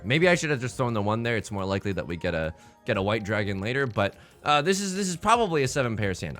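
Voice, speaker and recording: A man's voice: medium pitch, gravelly, fairly bright tone. A young man from the United States giving casual, joking commentary while playing a game, rambling to himself and his viewers. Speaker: let's play host.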